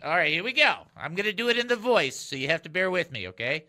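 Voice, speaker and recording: A man hosting a call-in Christian radio show, chatty and animated, laughing easily as he jumps between topics. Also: high voice, fast talker, few pauses.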